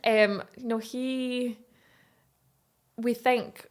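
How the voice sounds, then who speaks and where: A Scottish woman in her twenties, a podcast guest telling casual stories in an animated, chatty way and laughing often. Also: fairly high pitch, very slow. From Scotland. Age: 20s. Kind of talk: casual chat.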